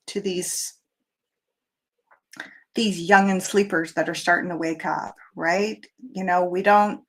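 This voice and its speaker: A middle-aged woman runs a live tarot reading, her voice sitting slightly low. She chats along in a reflective, meandering way, filling gaps with easy fillers. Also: a bit bright. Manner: chatty, reflective, lots of fillers. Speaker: tarot reader. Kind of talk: live tarot show monologue.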